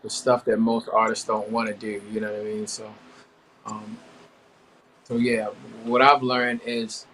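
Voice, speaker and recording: A middle-aged male R&B singer giving a measured, explanatory interview answer. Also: on the low side, completely flat delivery, fairly bright tone, slight background noise, rough recording. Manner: measured, explanatory, says "you know what I mean". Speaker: R&B singer guest.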